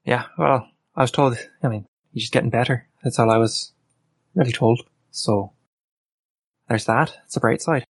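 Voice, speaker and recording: A man with an ordinary mid-pitched voice who plays a tabletop game and speaks in a hesitant, halting way. The recording is dry, with no room echo. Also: gravelly, breathy edge. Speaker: player. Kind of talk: playing a tabletop game in character.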